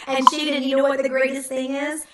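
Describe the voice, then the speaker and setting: A woman's voice: high-pitched, recorded from a distance, heavy background noise. A woman in her thirties hosting a casual live stream from home, chatty and playful, cooing at her baby, recorded on a computer mic in an echoey room. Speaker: host.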